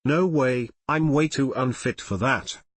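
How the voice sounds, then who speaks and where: A man's voice: medium pitch, a little slow, no room sound, natural voice. A man reading aloud, voicing a lovesick, awkward teenage boy hero who confesses in tender notes. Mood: playful. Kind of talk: audiobook reading of fan fiction.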